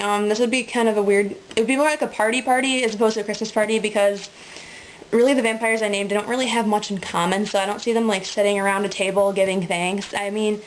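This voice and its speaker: Woman, casual webcam vlog, rambling, giggly, mid-pitched voice, faint background hiss. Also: rough recording. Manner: rambling, giggly, full of ums and likes. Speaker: vlogger.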